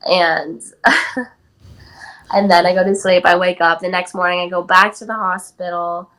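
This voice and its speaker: A woman's voice: on the low side, fairly even intonation, measured pace, a bit bright, low-quality recording. An eighteen-year-old woman from California, telling a personal story as a podcast guest in a casual way, full of "like" and "um". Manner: chatty, many "like" and "um" fillers. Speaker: guest athlete.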